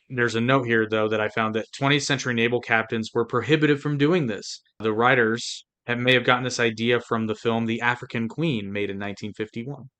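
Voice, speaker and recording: A man co-hosting a podcast, explaining episode details in a measured, casual way. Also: mid-range voice, a bit bright. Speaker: podcast co-host. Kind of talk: casual chat, reading episode notes.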